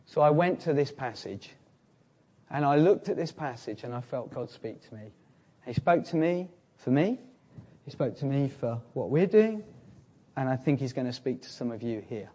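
A man with a mid-range voice preaches, telling a Bible tale with animated swings from loud emphasis down to slow, hushed delivery.

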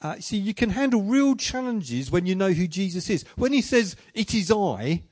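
A man's voice: high voice, animated, normal speed, a little mellow. A man delivers a sermon in a loose, conversational way, with a voice sitting a little above the usual male range. He mixes Bible retelling with self-deprecating personal stories. He often trips over his words and restarts sentences. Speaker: preacher.

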